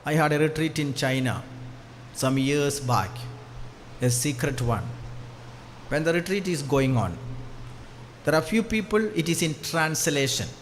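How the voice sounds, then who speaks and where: A male priest giving a storytelling sermon, repeating key phrases and swinging from hushed to loud as he leads the congregation in call-and-response. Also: a little high, animated, measured pace, pauses often, a little hiss or hum.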